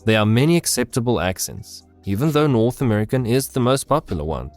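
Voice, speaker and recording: A South African man with a South African English accent, hosting an English-learning podcast and reading his lesson in a clear, measured way. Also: medium pitch, animated, darkish tone, faint music behind. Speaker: podcast host.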